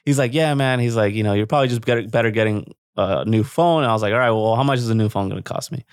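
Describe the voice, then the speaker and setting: A man's voice: lowish voice, racing, smooth, no echo. Man, podcast co-host, casual rant, profane, laughing, dry sound. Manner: profane, animated, laughs often. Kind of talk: casual ranting storytelling.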